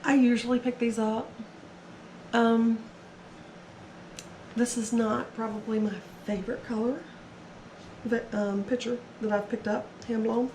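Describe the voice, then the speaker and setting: Still recovering from being sick, a woman who vlogs about reselling rambles chattily through her haul in a somewhat strained voice. It's fairly high and darkish, with little pitch movement, and her pace is a little slow. Slight background noise and faint ambience come through in an echoey room.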